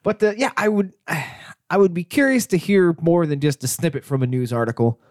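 A man hosting a podcast, measured and agreeable with a dry wit. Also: fairly high pitch, a little mellow, no room sound. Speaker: podcast host. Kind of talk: casual chat and read ad.

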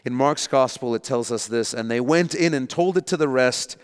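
Male pastor, expressive storyteller, mid-pitched voice, long hall reverb. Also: moderate pace, smooth. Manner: animated storytelling, acting out panicked voices. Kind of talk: sermon.

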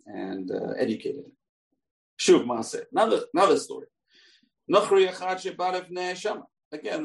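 A man teaching a Talmud lesson as a lively story, acting out the characters' lines. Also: fairly high pitch, vocal fry, recorded from a distance. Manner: animated, acts out the characters' lines. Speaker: Torah teacher.

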